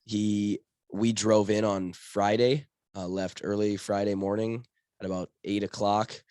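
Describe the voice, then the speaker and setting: A young man with a hoarse voice from a cold, hosting his podcast in rambling, self-correcting casual talk. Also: fairly low pitch, flat delivery, a little slow, a little mellow, no room sound, clean studio sound. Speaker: podcast host.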